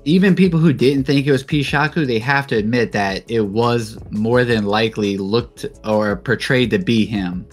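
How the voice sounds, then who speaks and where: A man co-hosting a podcast, speaking in a halting way full of filler words. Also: medium pitch, faint music behind. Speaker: podcast co-host. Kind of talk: casual chat.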